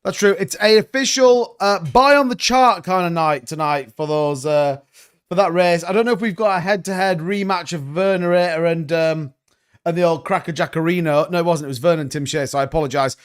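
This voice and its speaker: A man's voice: on the high side, a little fast, smooth. A man hosting a crypto livestream, chatting casually and greeting viewers by name.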